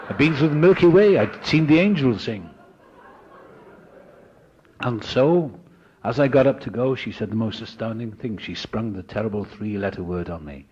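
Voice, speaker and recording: A man speaking at a recovery meeting, telling his story in a lively, dramatic way and acting out the voices of other people. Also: fairly low pitch, slight background noise. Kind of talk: storytelling talk. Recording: dull lo-fi recording.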